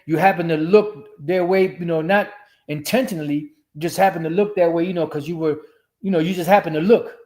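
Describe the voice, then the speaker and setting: A man's voice: on the high side, fairly even intonation, fairly quick, a little mellow. A man ranting religious commentary on a stream, profane, rambling and emphatic.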